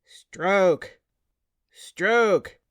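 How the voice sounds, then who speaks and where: A woman's voice: on the low side, moderate pace, no echo, clean studio sound, close to an everyday voice. A woman playing a fierce Viking skipper. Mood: shouting. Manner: shouted orders. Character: harsh male Viking skipper, commanding and fierce.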